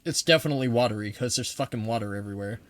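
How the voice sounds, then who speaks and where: A man's voice: mid-range voice, very fast, fairly bright tone. A man giving casual, joking let's-play commentary, swearing freely and reading in-game text aloud. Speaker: gaming video creator.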